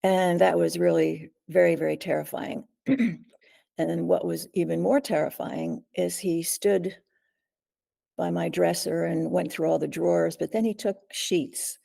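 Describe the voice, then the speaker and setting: An older woman tells her story in a dark, mellow, strongly gravelly voice. She speaks haltingly and earnestly, pausing and clearing her throat often. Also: on the low side, steady tone. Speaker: guest, survivor and author. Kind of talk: recounting a personal ordeal in an interview.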